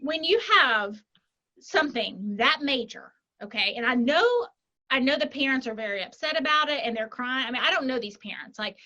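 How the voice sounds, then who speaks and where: Bright, animated woman life coach. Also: high-pitched, moderate pace, low-quality recording. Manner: animated, talks through example scenarios, frequent tag questions. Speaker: life coach and author, podcast guest. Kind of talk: conversational interview.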